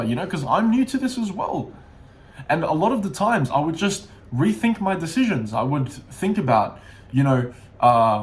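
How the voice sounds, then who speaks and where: A man's voice: medium pitch, very animated, moderate pace. A young man telling a candid personal story to camera, raw and confessional, with frequent swearing and restarts. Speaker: self-improvement vlogger.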